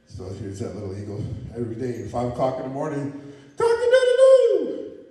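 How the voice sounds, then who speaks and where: A man telling a story to a gathering, with an animated, playful delivery. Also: medium pitch, fast. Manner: animated, playful, voices his characters. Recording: echoey hall from far off.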